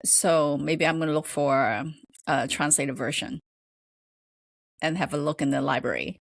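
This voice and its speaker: A woman with a low voice co-hosts a relaxed podcast chat. She talks haltingly, filling gaps with "um" and "you know" and laughing between phrases. The sound is dry and close. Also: gravelly, no echo. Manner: hesitant, halting with fillers and restarts. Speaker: podcast co-host. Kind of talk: casual chat.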